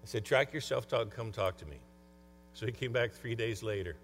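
Low-voiced man giving a motivational talk. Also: fairly quick. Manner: conversational storytelling. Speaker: conference speaker and coach. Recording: long hall reverb, faint mains hum.

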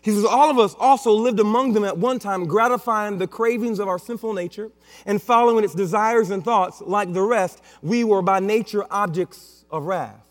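Male pastor, high voice, measured emphatic sermon, humming hall sound. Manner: emphatic, repetitive preaching with playful asides. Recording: long hall reverb with mains hum.

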